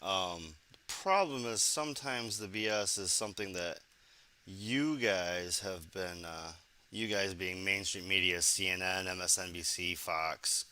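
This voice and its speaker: Man, low pitch, very bright tense tone, rambling, critical. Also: unhurried.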